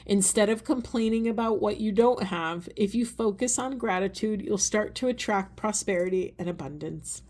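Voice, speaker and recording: A woman giving a spiritual oracle card reading, earnest and gentle, often trailing into soft, hushed asides. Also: mid-range voice, normal speed, hardly any pauses. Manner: gentle, earnest, rambling with self-corrections. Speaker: tarot and oracle card reader.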